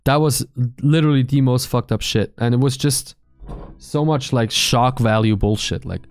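A man's voice: mid-range voice, normal speed, smooth, no room sound. A man talks casually to his live-stream chat in a mid-range voice, blunt and profane as he rambles between tasks. His voice sounds dry and close on the mic, with faint music in the background.

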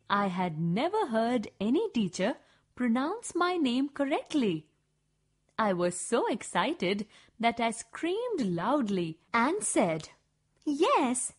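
Woman reading a kids story, high voice that swoops around, kinda breathy. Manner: expressive, measured storytelling. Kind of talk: scripted first-person story narration.

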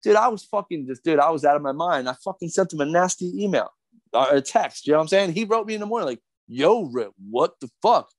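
A man's voice: on the high side, animated, fast, no room sound. Middle-aged guy going off on a podcast, swearing nonstop, voice jumps all over, super dry studio mic. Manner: profane, fired up, repetitive fillers. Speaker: podcast guest, skateboarder. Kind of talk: heated podcast rant.

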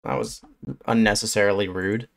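A man's voice: lowish voice, fairly even intonation, moderate pace, a little hiss or hum. A man, a fish biologist streamer, giving casual reaction commentary, blunt and swearing, bursting into surprised questions.

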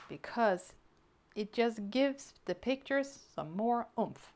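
Brief: unhurried, chatty woman host, excitable unboxing tone. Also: medium pitch, a little hiss or hum. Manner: chatty and excitable, counting items aloud. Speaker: hobby vlogger. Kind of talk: casual unboxing chat.

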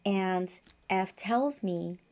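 A woman's voice: mid-range voice, very slow, a little mellow. A woman in her forties, an acupuncturist, telling a rambling personal story to camera from her office with lots of fillers and asides. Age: 40s. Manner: chatty, digressive storytelling with many fillers. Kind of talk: casual advice monologue to camera.

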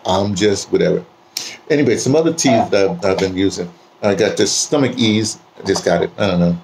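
A man's voice: low voice, brisk, creaky, a little mellow, slight background noise. A man talking to camera in a casual, rambling monologue, repeating words and saying "you know" often, in a home setting. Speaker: vlogger.

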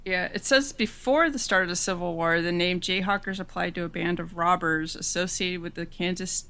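A woman's voice: fairly low pitch, pushed and bright, clear, resonant tone. A woman co-hosting a podcast, reacting wryly and reading looked-up facts aloud. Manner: reads search results aloud, quick wry reactions. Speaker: podcast co-host. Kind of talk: casual podcast chat.

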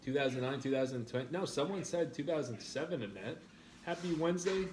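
A man's voice: on the high side, animated, fairly quick, a little mellow. A young man hosting a casual live stream, eating while he reads out viewer comments and answers them in a chatty, blunt way. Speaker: livestream host.

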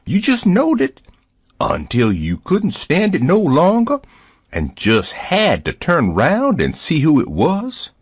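Man voicing a scared superstitious servant, husky, slow drawl, wildly swooping pitch. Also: wildly swooping pitch, dry recording, clean studio sound, heavily acted. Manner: drawling rural dialect, pleading. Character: jittery frightened male servant, superstitious. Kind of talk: audio drama acting.

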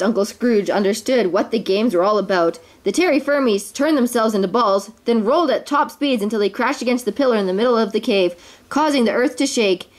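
A woman reading a children's story aloud to her kids in an expressive way. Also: medium pitch.

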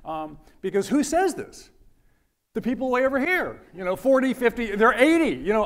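High-voiced man lecturing conversationally. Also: sing-song, moderate pace. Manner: conversational, jokey, quizzing the audience. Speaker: university lecturer. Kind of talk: lecture to an audience.

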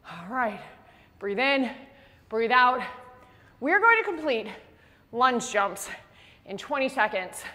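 A woman fitness instructor leading a workout class, out of breath and slightly hoarse, counting reps aloud between heavy exhales. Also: fairly high pitch, sing-song, slow pace, pauses often, bright, forceful tone. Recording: long reverb in a big room.

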